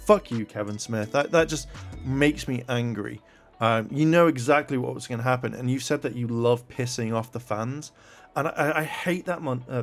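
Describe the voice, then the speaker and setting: A man in the middle of a vlog rant, his voice pitched in an ordinary mid range. He sounds irritated and swears freely, stumbling through fillers as he reads articles out loud and picks them apart. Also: creaky. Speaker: commentary vlogger. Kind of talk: ranting commentary.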